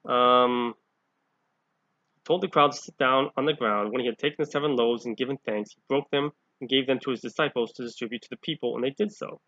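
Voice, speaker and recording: A man's voice: medium pitch, brisk, sharp tone, no room sound. A man reading Bible passages aloud and explaining them as a lay preacher, often growing emphatic. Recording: dull, lo-fi home recording.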